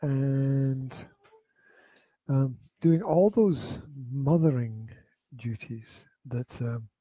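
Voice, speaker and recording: A man hosting a casual parenting podcast, talking slowly and haltingly with dry teasing. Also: mid-range voice, husky, no room sound, narrow, tinny audio. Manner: slow, halting, repeats words, dry teasing. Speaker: podcast host. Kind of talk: casual chat.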